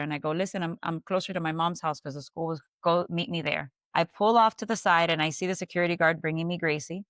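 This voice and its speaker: Low-voiced woman telling a hard story. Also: fast talker, hardly any pauses, no echo, studio quality. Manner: steady, matter-of-fact retelling with frequent "like" and "I go". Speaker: guest. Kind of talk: emotional personal storytelling.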